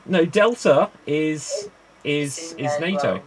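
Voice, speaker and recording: A man's voice: a little high, slow pace, a crowd in the background. A man hosting a live-streamed improv show, chatty and rambling between games.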